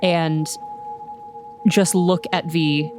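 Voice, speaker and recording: A woman's voice: deep voice, flat delivery, drawn-out words, over music. A woman playing her character in a tabletop game, talking in an earnest, pleading, folksy way. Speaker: player. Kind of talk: in-character tabletop role-play.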